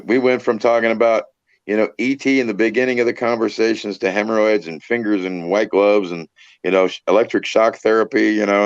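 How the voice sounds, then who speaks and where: A man's voice: lowish voice, no room sound, lo-fi sound. A man hosting a casual livestream chat on his phone, rambling, joking and swearing as he goes. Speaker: host of a trucking livestream. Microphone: phone held in hand.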